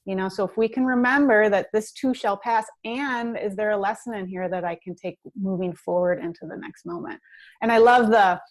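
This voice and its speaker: A woman's voice: medium pitch, normal speed. A mother of twins speaking in a casual parenting video chat, encouraging and upbeat. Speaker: parent, guest in discussion.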